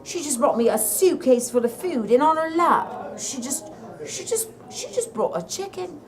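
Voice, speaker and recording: A woman's voice: high voice, animated, normal speed, voice pushed up. A woman putting on a chatty Irish DJ in a clumsy attempted Irish accent, amused as she tells it. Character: young Irish man, a chatty DJ. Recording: live bar crowd behind.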